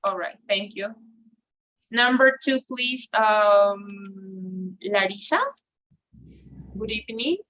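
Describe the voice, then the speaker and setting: A woman leads an online English class at an unhurried pace. Her speech halts and restarts often, full of fillers, and her voice sits at an ordinary middle pitch. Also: a bit bright, lo-fi sound. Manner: slow, hesitant, non-native English with many fillers. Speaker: English teacher.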